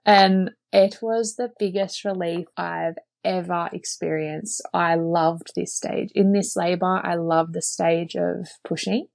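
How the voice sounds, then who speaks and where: A woman's voice: fairly low pitch, fairly even intonation, slow, creaky, few pauses, darkish tone, no echo. A young woman telling her own birth story in an earnest, chatty way, full of "like" fillers. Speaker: podcast guest sharing her birth story. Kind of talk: casual personal storytelling.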